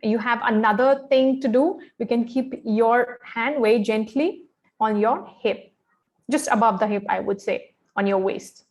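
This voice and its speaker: A woman with a slightly high voice gives a training session for pageant contestants. She talks in an instructive, friendly way, often pausing on "um" and checking in with "okay". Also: darkish tone. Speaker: pageant fashion and grooming coach.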